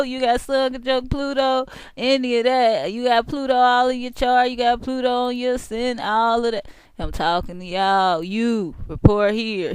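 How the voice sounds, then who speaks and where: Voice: medium pitch, clear, resonant tone, no room sound. An astrology vlogger talking casually and straight to the viewers in loose street slang, keeps checking in with the listener and chuckles between phrases. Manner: laid-back street slang, keeps asking "you feel me".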